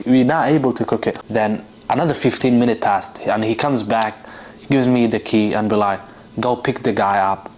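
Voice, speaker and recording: A man of middle pitch tells a long story straight to his viewers. He rambles and restarts, exasperated at how the day went. His talk is loose and casual, full of fillers. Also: darkish tone. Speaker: vlogger.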